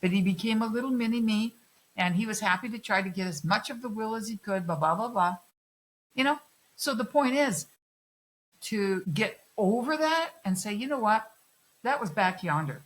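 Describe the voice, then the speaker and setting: A middle-aged woman telling personal stories in a candid interview, animated and swearing freely as she acts out other people's lines. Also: mid-range voice, moderate pace, poor audio. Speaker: guest. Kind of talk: candid conversational storytelling.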